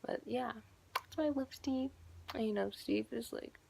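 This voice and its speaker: A woman's voice: fairly high pitch, normal speed, gravelly, darkish tone, husky. A young woman in her teens rambling and gushing in a casual fan vlog, full of fillers and asides. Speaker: YouTuber.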